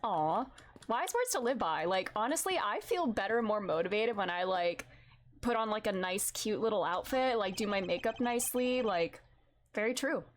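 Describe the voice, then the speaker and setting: A woman's voice: medium pitch, lively intonation, moderate pace. A young woman streamer chatting casually while playing, with plenty of filler words. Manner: chatty, lots of "like". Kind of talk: casual gaming commentary.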